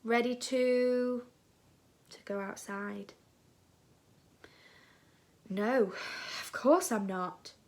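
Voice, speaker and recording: Brief: shy schoolboy read by a woman, hesitant, slow storybook delivery. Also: on the high side. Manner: hesitant, unsure. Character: shy twelve-year-old English boy, nervous.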